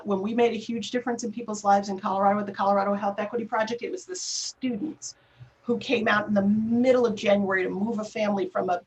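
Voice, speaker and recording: A middle-aged woman telling a personal story in a panel talk, with frequent fillers and restarts. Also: mid-range voice.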